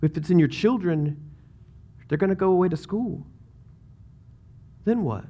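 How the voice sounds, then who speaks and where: A man's voice: high voice, animated, unhurried, mellow, breathy edge. A man with a Southern US accent preaching a sermon as pastor, in a casual, rambling way that keeps interrupting itself.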